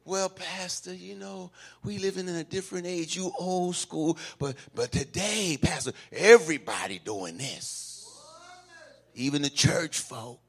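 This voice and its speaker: A preacher mimicking a worldly churchgoer. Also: male voice, on the high side, measured pace, vocal fry, husky, heavily acted. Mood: coaxing. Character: worldly churchgoer coaxing the pastor.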